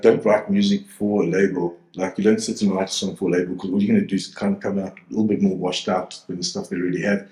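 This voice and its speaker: A man's voice: deep voice, a little mellow. A man in his forties from South Africa, a DJ and producer talking casually as an interview guest, rambling with lots of fillers and restarts over a video call. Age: 40s. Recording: roomy echo.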